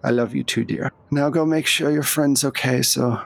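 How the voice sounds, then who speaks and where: A man voicing an affectionate, weary husband who speaks tenderly and reassuringly in a gravelly voice. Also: mid-range voice, fairly even intonation, moderate pace, no room sound, close to an everyday voice.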